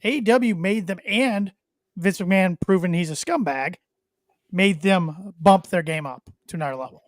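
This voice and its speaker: A man's voice: high voice, moderate pace, dry recording, studio quality. A man hosting a wrestling podcast, giving firm opinions and teasing his co-hosts in casual chat. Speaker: podcast host.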